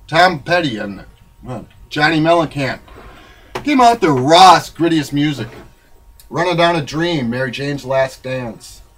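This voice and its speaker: A man with a husky, fairly high voice reads his own memoir aloud. His delivery is wry, irreverent and rambling, and he swings between loud bursts and low mutters. It sounds like spoken-word storytelling. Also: poor audio.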